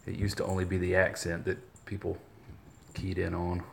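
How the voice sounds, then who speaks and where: Low gravelly man, mild Southern accent. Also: normal speed, a little hiss or hum. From Alabama. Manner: relaxed, chatty, talks to the cats. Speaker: kitten foster carer. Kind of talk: casual chat.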